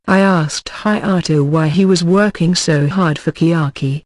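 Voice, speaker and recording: An audiobook narrated by a synthetic voice at a middle pitch. Its reading stays even throughout and trips over names and stray punctuation. The sound is dry and close, with no room tone. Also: unhurried, dry recording. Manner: even machine reading that stumbles on names and reads punctuation aloud.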